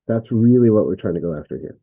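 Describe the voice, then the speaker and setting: A lower-voiced man works through a math lesson, talking his way through each step and catching his own slips. His voice sounds thin and phone-like, with no room echo at all. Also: expressive, quick pace, slightly rough. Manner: thinks aloud, self-correcting, frequent fillers. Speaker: math teacher.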